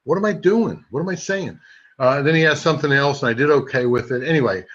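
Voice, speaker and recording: A man in his sixties giving a sales training talk, a lively storyteller who throws quick asides to his audience. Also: fairly high pitch. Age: 60s. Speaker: network marketing trainer. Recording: dull lo-fi recording.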